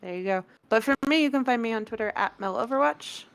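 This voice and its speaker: A woman's voice: a little high, fast talker, gravelly, smooth, no echo. A woman co-hosting a live podcast, chatting casually with a slightly hesitant, filler-laden manner. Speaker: podcast co-host.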